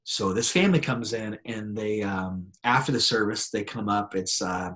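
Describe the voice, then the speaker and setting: Animated male pastor telling stories. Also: on the low side, normal speed. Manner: animated storyteller, acts out voices in his anecdotes. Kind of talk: conversational storytelling.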